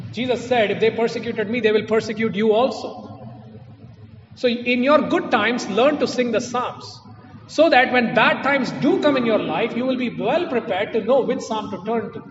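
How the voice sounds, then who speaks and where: A man's voice: high-pitched, a little hiss or hum. A man preaching a sermon in a church, emphatic and repeating his key phrases. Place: church hall. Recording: distant echoey hall, muffled.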